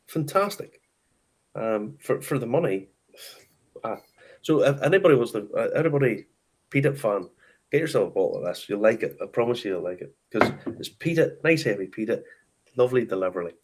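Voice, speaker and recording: A man co-hosts a relaxed whiskey talk show from a hotel room. His voice sits at a middle pitch for a man. He talks in a chatty, enthusiastic way and laughs often. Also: slight background noise. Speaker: podcast co-host. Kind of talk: casual whiskey chat.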